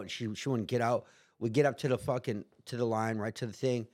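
A man's voice: mid-range voice, steady tone, fairly quick, darkish tone. Rambling profane man telling a story. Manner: rambling, profane, acts out quotes in put-on voices. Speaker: guest. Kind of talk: casual storytelling.

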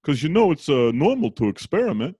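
A man's voice: a little high, big pitch swings, warm tone, husky, dry recording, clean studio sound, pitched above the performer's own voice, heavily acted. Guy doing brooklyn cop dad voice, all uhs, kinda distant sounding. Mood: awkward. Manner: halting, full of uhs. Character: gruff middle-aged Brooklyn detective dad.

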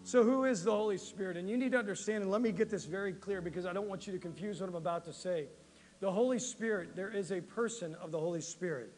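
Man pastor, sermon, animated, talks with the congregation, long reverb, soft music behind. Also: sits high, fast talker. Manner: animated, conversational, checks in with the congregation often. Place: church sanctuary.

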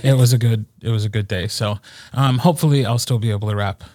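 A man co-hosting a podcast, an audiobook narrator talking in a relaxed way, hesitating often with ums. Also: medium pitch, quick pace, no echo, clean studio sound. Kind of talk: casual chat.

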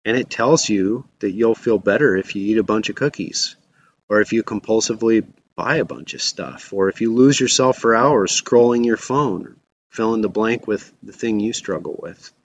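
A man's voice: fairly low pitch, normal speed, muffled recording, a little hiss or hum. A man preaching a reflective sermon as a pastor.

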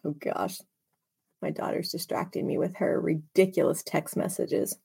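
A woman leading a casual Bible study, reading scripture aloud with expressive emphasis and chatty asides. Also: medium pitch, a little slow, creaky, slightly rough. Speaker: Bible teacher.

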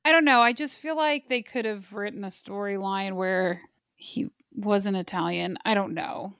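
A woman's voice: medium pitch, normal speed, fairly bright tone, smooth, dry recording, clean studio sound. A woman co-hosting a casual movie chat, talkative and self-deprecating, laughing easily at herself. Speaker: podcast co-host.

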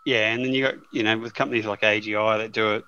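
Bright, laid-back host on dull audio. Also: male voice, fairly low pitch, steady tone, fast talker, smooth. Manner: laid-back, slangy, fillers. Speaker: podcast host. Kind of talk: casual interview.

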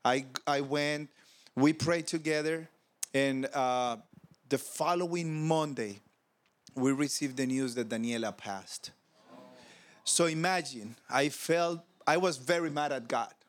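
Emotional pastor telling a story. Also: male voice, a little high, slow. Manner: emotional, animated storytelling with quoted dialogue. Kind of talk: conference sermon storytelling. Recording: audio of a convention talk.

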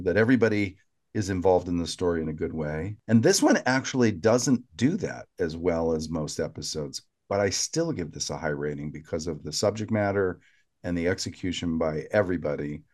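A man co-hosting a casual podcast, calm and matter-of-fact. His voice is very deep and unhurried. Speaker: podcast co-host.

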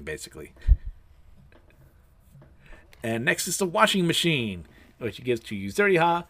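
A man with a noticeable lisp talks through an episode in a loose, chatty way, reading out characters' quotes. His pitch rises and falls freely as he goes. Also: very animated, quick pace, pushed and bright. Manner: chatty, self-deprecating, laughs between lines. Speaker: anime episode recapper. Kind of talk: casual episode recap, reading character lines aloud.

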